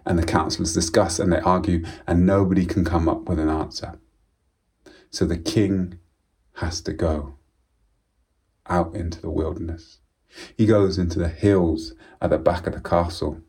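A man telling a folk tale aloud in a measured, solemn way, often dropping to a quiet voice. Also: deep voice, fairly even intonation, husky. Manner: slow, measured and solemn with repetitions. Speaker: storyteller. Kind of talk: oral storytelling of a folk tale.

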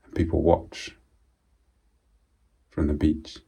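A man telling a folk tale aloud in a measured, solemn way, often dropping to a quiet voice. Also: a bass voice, completely flat delivery, gravelly, slightly rough. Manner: slow, measured and solemn with repetitions. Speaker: storyteller. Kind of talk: oral storytelling of a folk tale.

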